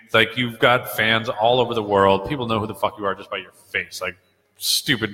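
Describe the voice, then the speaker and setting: Profane rambling man, bright voice. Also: fairly low pitch, fairly even intonation, fairly quick. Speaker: podcast co-host. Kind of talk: casual pub chat. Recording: long hall reverb.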